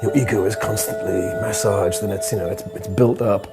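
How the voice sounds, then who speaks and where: A man speaking as an interview guest, telling a reflective story in a halting way, often repeating words and laughing softly. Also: on the low side, fairly even intonation, over loud music.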